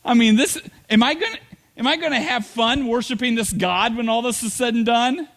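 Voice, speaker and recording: A man preaching a sermon as pastor, telling the story with playful asides and quick acted lines. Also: very high voice, fairly bright tone.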